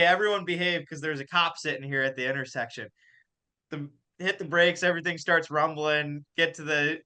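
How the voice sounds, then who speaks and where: Bright-voiced young man telling a story. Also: fairly high pitch. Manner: animated, laughs through his stories. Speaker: podcast host and college golf coach. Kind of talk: casual storytelling chat.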